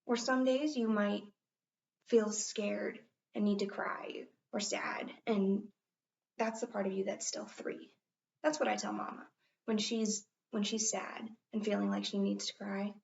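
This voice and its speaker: Brief: woman as a hurt, earnest eleven-year-old girl on a competition stage, halting and restarting, distant and roomy. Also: medium pitch, steady tone, vocal fry, a little mellow, close to an everyday voice. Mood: wistful. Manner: earnest first-person storytelling with halting restarts. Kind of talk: competitive dramatic interpretation. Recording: roomy, dull, from far off.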